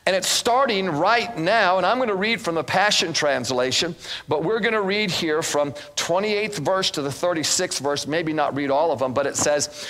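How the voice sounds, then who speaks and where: A man preaches to a congregation in church, telling stories and playing each part. His voice sits high and sounds bright and forceful. He is animated throughout. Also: moderate pace, big-room sound. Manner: animated, acts out dialogue. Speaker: guest minister. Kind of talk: sermon with storytelling.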